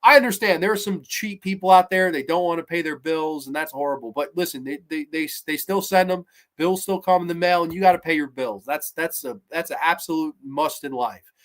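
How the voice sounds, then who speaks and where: A man hosting a podcast, talking through a horror episode in a casual, animated way, with lots of restarts and blunt asides. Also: on the high side, brisk. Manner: animated and chatty, many restarts, asks "right?". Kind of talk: casual spoken review.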